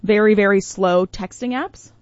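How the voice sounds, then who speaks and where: A woman's voice: mid-range voice, normal speed, no room sound. Playful female morning radio co-host, dry close sound, slightly muffled. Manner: playful, laughs while talking. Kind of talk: casual morning radio banter.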